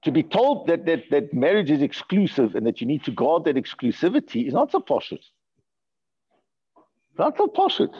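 A man teaching a Torah class in an animated way, asking rhetorical questions and often repeating his words. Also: a little high, fairly quick, few pauses, husky. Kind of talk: Torah lecture. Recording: dull lo-fi recording.

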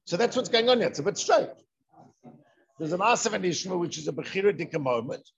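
A man giving a lively Torah lecture, firing rhetorical questions and answering them himself. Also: high-pitched, quick pace, vocal fry. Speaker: Torah teacher. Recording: dull lo-fi recording.

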